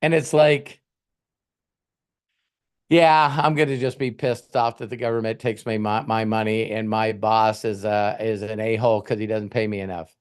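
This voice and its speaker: A man's voice: fairly low pitch, flat delivery, normal speed, smooth. A man hosting a casual motivational talk, rambling conversationally and acting out little scenes. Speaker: host, motivational coach.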